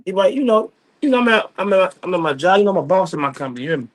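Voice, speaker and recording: A man with a voice pitched a bit high rambles in relaxed street slang. He keeps restarting his thoughts. He is calling in from his office. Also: racing. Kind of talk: casual chat. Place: office at work.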